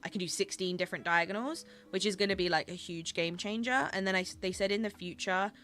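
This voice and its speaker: A woman's voice: mid-range voice, fast talker, a bit bright. A young woman chatting casually with her viewers while she plays and streams a game, gushing over small things.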